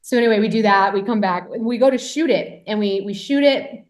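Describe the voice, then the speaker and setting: A woman guest on a podcast telling a story casually, lively and self-mocking, with lots of "like" and a bit of swearing. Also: mid-range voice, fairly quick.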